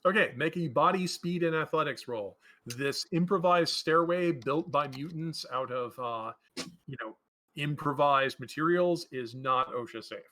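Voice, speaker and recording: Give me a man as game master, slightly high voice, hesitant and full of fillers. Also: unhurried, pushed and bright. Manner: hesitant, many fillers, laughing often. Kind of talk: running a tabletop game.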